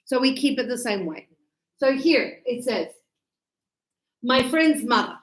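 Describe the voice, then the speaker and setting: A woman teaching an English lesson to a live class in a chatty, playful way, checking in with quick questions. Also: a little high, expressive, echoey room, poor audio.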